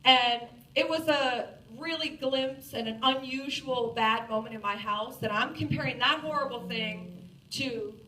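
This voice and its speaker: A woman in her forties telling a self-mocking story to an audience in a lively, animated way. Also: high-pitched, unhurried, slight background noise. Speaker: speaker. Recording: roomy, distant from the mic.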